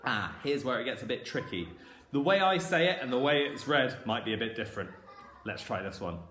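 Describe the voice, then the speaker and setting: Lively man teaching phonics to children. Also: medium pitch, a little fast, slight background noise. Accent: southern English. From southern England. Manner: lively, sing-song teaching voice with playful asides. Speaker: primary school teacher. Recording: echoey room with faint ambience.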